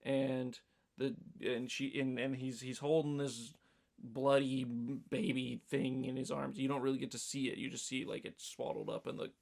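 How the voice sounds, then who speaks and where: Man with a gravelly voice, chatty podcast host. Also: mid-range voice, moderate pace. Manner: rambling, animated storytelling with many fillers and acted-out quotes. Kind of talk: casual chat recapping a horror film.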